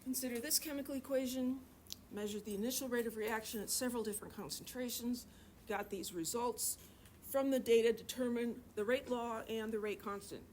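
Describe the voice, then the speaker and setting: A woman's voice: a little high, brisk, hardly any pauses, darkish tone, slight background noise. A middle-aged woman teaching a chemistry class, chatty and joking, asking students questions in a classroom. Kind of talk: classroom lecture.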